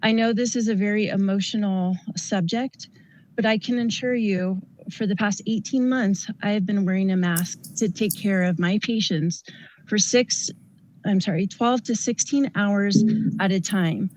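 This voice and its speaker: A woman nurse speaks in an earnest, pleading tone, delivering a prepared public comment to a county board. Her voice sits at an ordinary middle pitch, with a faint hiss of noise underneath. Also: unhurried, darkish tone, rough recording. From Colorado.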